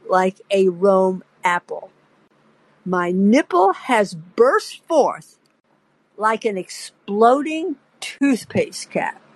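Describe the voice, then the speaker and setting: On poor audio without echo, a mid-range female podcast host theatrically tells a story from her own life. She acts out quoted voices and playfully talks directly to the listener.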